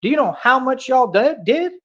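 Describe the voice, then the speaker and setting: A young man holds forth on a livestream with a high, cocky voice, throwing out street slang and challenges to his listeners. The sound is dull and lo-fi, like a cheap stream mic. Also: lively intonation, normal speed, fairly bright tone. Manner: boastful, confrontational, slangy street talk. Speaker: livestream host. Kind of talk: ranting livestream monologue.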